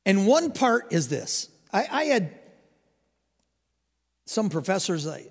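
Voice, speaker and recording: A man's voice: high voice, sing-song, slow pace, vocal fry, slightly rough, big-room sound. An older man preaching a sermon as a pastor, telling a story and building to fervent emphasis.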